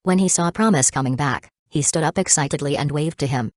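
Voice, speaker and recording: A woman narrates a novel in a steady, even reading. Her voice is low, and the recording is close and dry with no room sound. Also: fairly quick, no echo. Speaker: audiobook narrator. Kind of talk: audiobook narration.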